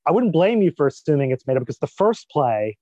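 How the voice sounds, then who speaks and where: A man's voice: a little high, big pitch swings, warm tone, no echo, lo-fi sound. A man co-hosting a podcast in casual chat, playful and teasing. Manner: playful, teasing, quick to laugh. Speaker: podcast co-host.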